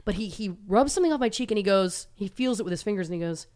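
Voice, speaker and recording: A woman from Toronto tells a story in casual podcast chat. Her pitch swings widely and she laughs often at her own embarrassment. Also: racing. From Toronto, Canada. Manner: animated, laughs often, self-deprecating.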